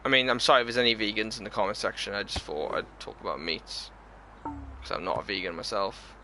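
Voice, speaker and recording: Over slight background noise, a man with a fairly low pitch talks fairly quickly through a live gaming stream. His voice is bright and forward as he reads out viewers' comments and casually chats back.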